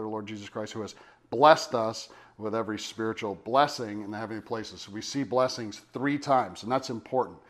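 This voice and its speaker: A man reading scripture aloud and then teaching on it in a casual, conversational way, with many fillers and emphatic asides. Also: fairly low pitch. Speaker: Bible teacher. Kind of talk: casual Bible study teaching.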